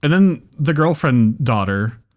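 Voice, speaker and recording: A man on a podcast spinning a long, funny anecdote in a mid-range voice. He stumbles and restarts as he talks, and he gets louder and more animated as the story builds. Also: mid-range voice, unhurried. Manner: rambling, restarts often, builds to excited animated retelling. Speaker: podcast co-host telling a story. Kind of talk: casual comedic storytelling. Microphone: podcast microphone.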